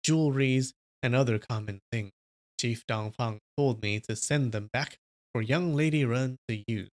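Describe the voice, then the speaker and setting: A man reading a wuxia novel aloud on a livestream, voicing a smooth male envoy from a rival sect in low, soft, ingratiating tones. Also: natural voice.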